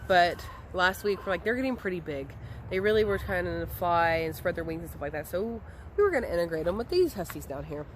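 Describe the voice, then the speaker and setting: A woman's voice: fairly low pitch, lively intonation, brisk, few pauses, slight background noise. A woman, chatting casually and rambling with lots of ums as she talks to camera outdoors by a chicken coop. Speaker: homestead vlogger.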